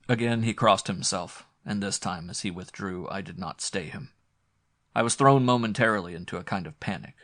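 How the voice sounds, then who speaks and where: A man reading a horror audiobook aloud in a measured, brooding manner. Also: sits low, a bit bright, dry recording, clean studio sound. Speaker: audiobook narrator. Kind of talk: scripted horror narration.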